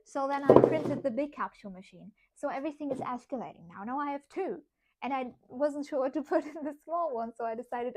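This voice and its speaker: Chatty young woman streamer, higher voice. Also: a little fast, a little mellow. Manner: chatty, rambling, self-amused. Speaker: artist streamer. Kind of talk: casual livestream chat.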